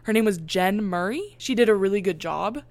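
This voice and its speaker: A woman casually talking over a film with a friend, excitable and quick to laugh. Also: medium pitch, no echo. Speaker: movie reviewer. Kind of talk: casual chat.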